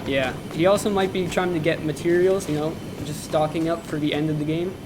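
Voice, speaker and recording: A young man doing deadpan, joking play-by-play commentary for an amateur game tournament. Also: a little high, brisk, noisy background. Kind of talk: joking esports commentary over gameplay. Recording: game music under the voice.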